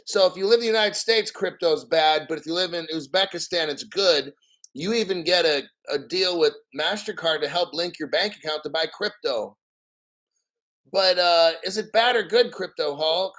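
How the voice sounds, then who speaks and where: A man putting on the voice of a confused newcomer man who keeps asking questions in a quick, puzzled way. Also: on the high side, a bit bright, close to an everyday voice, low-quality recording.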